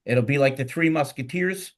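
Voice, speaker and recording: Middle-aged male host, Philly accent, rambling and jokey, energetic panel banter. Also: mid-range voice, moderate pace. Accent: Philadelphia. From Philadelphia. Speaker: podcast host. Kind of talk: casual panel talk.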